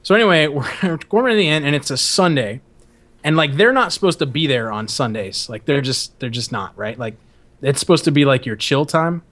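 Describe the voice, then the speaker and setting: A man hosts a podcast and tells long stories in a loose, profane, rambling way, laughing along as he goes. His voice sits a little higher than most men's. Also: animated, normal speed, a bit bright. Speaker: podcast host. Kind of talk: casual storytelling chat.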